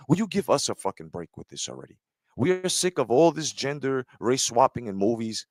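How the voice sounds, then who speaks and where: A man's voice: mid-range voice, sing-song, normal speed, dry recording, studio quality. A man giving a heated, profane commentary rant, often asking "right?". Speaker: commentary streamer. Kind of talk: ranting commentary.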